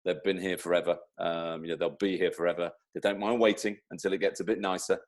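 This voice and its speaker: A man's voice: low-pitched, fairly even intonation, fast talker. A man from England hosting a casual interview, chatty and asking leading questions. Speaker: host.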